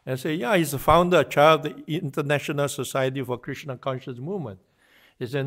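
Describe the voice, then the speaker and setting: A man's voice: a little high, a little fast. Man telling devotional stories in a class. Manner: narrates with acted-out dialogue, frequent fillers and restarts. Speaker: guest speaker giving a morning class. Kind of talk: devotional storytelling lecture.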